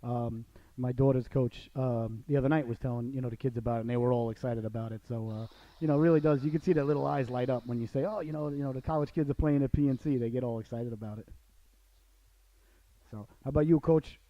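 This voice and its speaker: A man from Long Island hosting a radio show, rambling casually and filling every pause with "you know", in dull lo-fi audio. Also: mid-range voice, fairly even intonation, no room sound. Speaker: radio host.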